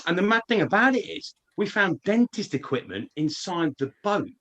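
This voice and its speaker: A man co-hosting a casual chat, telling stories excitedly and repeating words as he rushes on. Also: high voice, lo-fi sound. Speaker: co-host.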